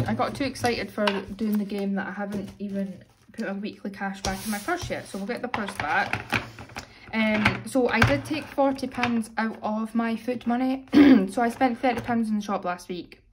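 A young British woman, a little hoarse, chatting casually as she counts out cash for her weekly budget. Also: a little high, normal speed, heavy background noise. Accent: British English. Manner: chatty, self-narrating, counting money aloud. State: slightly hoarse, losing voice. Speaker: budgeting vlogger. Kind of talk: casual chat while cash stuffing.

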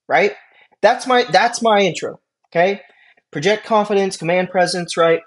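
In a conversational lecture to his class, a paramedic instructor speaks in a high-pitched voice. He frequently asks "right?" and "okay?" and role-plays brief back-and-forths with patients.

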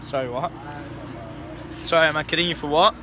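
Excitable, swearing young man, highish voice. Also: fairly quick, background noise. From England. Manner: excitable, swears a lot, bursts of shouting. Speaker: vlogger. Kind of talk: casual vlog chat.

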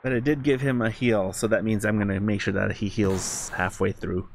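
A man's voice: lowish voice, fairly even intonation, normal speed, creaky, slight background noise. A man streaming a game live, chatting casually in a rambling, self-correcting way. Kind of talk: casual live gaming commentary.

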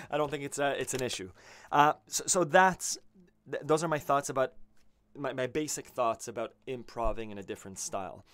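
A man teaching accordion on a weekly live stream, explaining musical ideas loosely, with halting restarts, and answering viewers' questions. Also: mid-range voice, a bit bright, smooth.

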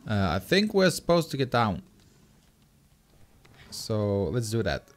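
A man doing let's play commentary, excitable and swearing, coaxing the creature on screen. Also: lowish voice, takes it slowly, long pauses. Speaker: gaming commentator.

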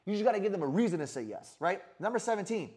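A man giving an energetic sales coaching talk in a brash manner, swearing freely and often asking "right?". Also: sits high, very fast. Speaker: sales trainer.

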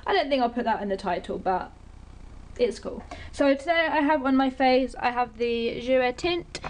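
A young woman chatting to camera in a casual beauty vlog, bubbly and rambling, with quick asides. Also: fairly high pitch. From Britain. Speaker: beauty vlogger.

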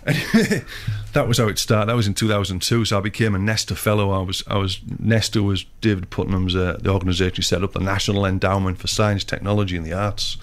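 Man, lowish voice, rambling anecdotes, casual chat. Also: fairly even intonation, fast. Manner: rambling storyteller, many restarts. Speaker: filmmaker guest.

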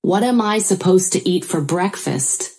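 A woman's voice: fairly low pitch, expressive, unhurried, darkish tone. Woman reading as a dismissive, blaming husband. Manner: defensive, blaming. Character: dismissive, self-pitying adult husband.

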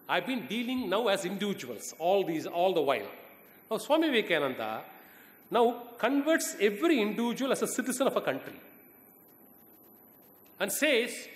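A man with an Indian English accent giving a university lecture, earnest and exhorting, pausing for emphasis. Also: sits high, sing-song. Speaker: guest lecturer. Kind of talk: university lecture answering student questions. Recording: echoey hall reverb.

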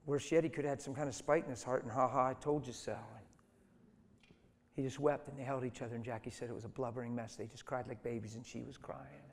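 A man's voice: mid-range voice, steady tone, fast talker, vocal fry, darkish tone, slight background noise. Emphatic preacher man in an echoey hall. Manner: emphatic, exhorting. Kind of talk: sermon.

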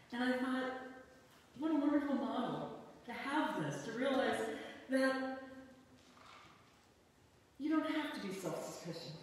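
A woman pastor giving a sermon, telling a personal story in a conversational, animated way. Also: high-pitched, a little hiss or hum. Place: church sanctuary. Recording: echoey church hall from far off.

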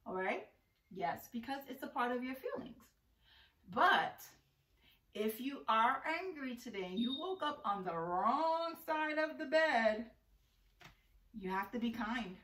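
A woman teaching young children in a slow, sing-song, encouraging way, often breaking into short songs. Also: fairly high pitch, fairly bright tone, far from the mic. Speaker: preschool teacher. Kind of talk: online circle-time lesson for young children. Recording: echoey room, voice a bit off-mic.

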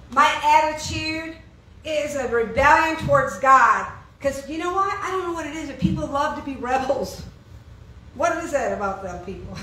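This woman preaches an informal sermon in a high, bright, pushed voice, firing questions at the congregation and answering them with emphasis. The recording comes from a distance in a room full of echo.

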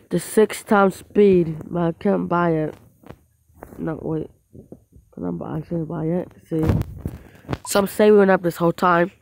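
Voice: medium pitch, poor audio. A gamer giving casual let's-play commentary on their own mobile play, rambling to themselves with frequent restarts and small outbursts at the game.

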